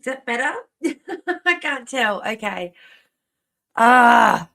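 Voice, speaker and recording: A woman's voice: a little high, lively intonation, takes it slowly, gravelly, sharp tone. A woman in her thirties hosting a casual livestream from home, rambling and self-interrupting, often laughing to herself. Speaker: livestream host.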